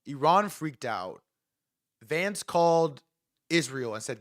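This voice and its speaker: A young man in his twenties hosting a live stream, talking in a profane, excitable, rambling way. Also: a little high, fast talker, dry recording, clean studio sound. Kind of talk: casual live commentary.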